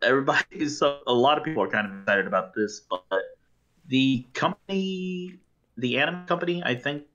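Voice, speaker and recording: A man's voice: mid-range voice, a little fast, a bit bright. Adult male co-host, hesitant and nitpicky, dull lo-fi recording. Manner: hesitant, pedantic, laughs often. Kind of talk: casual chat. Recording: dull lo-fi call audio.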